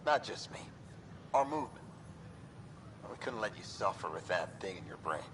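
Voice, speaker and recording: A man's voice: sits low, big pitch swings, normal speed. An actor playing an earnest, reassuring male hacker from an underground movement in a video game. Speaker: game character. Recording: audible background noise.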